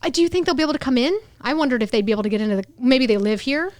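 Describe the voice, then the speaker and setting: A woman's voice: sits high, expressive, racing, a little mellow, dry recording. A woman guest on a podcast, chatting casually and laughing often. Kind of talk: casual chat.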